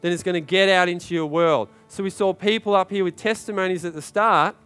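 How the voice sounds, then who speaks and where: High-voiced preacher exhorting a congregation. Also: male voice, steady tone, brisk, clear, resonant tone, soft background music. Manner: urgent, repetitive exhortation with rising shouted climaxes. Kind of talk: sermon.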